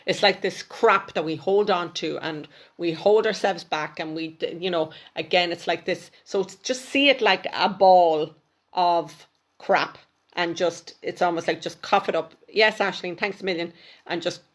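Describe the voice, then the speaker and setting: A woman giving a live intuitive card reading, speaking to viewers by name, gently repeating words and trailing off into near-whispers. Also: lowish voice, a little slow. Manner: chatty, addresses viewers by name.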